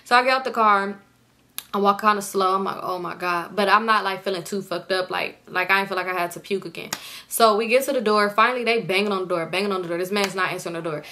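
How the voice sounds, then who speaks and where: A woman's voice: mid-range voice, quick pace, sharp tone, slight background noise. A young woman telling a casual storytime, exasperated and profane as she animatedly retells what happened. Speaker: storytime YouTuber.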